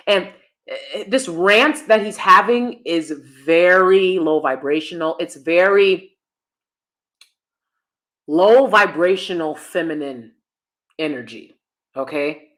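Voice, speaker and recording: A woman's voice: on the low side, lively intonation, measured pace, fairly bright tone. A woman in her thirties hosting a live stream, giving blunt, emphatic and sassy commentary to her audience. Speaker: host.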